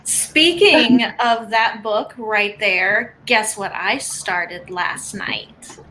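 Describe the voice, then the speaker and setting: A woman's voice: mid-range voice, very slow, slight background noise, rough recording. A woman chatting as a guest on a group call, telling a story and acting out what she said. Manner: storytelling, animated quoting of herself. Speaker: guest in writing group stream. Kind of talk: casual chat.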